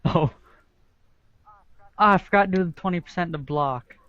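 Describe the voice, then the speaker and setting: A man's voice: sits high, normal speed, pushed and bright, dry recording, muffled recording. A man playing a tabletop game over a voice call who laughs often. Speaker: player.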